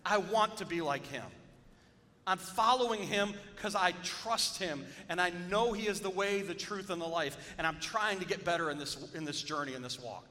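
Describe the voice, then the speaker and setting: Male pastor, chatty joking sermon delivery, bright forward voice, reverberant church hall. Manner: conversational, joking, calls on the congregation. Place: church sanctuary. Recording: reverberant hall with faint rumble.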